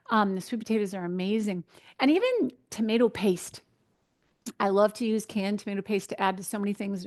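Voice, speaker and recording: A woman's voice: mid-range voice, creaky. A woman, a registered dietitian, giving a conversational health keynote with frequent fillers. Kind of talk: health talk to an audience.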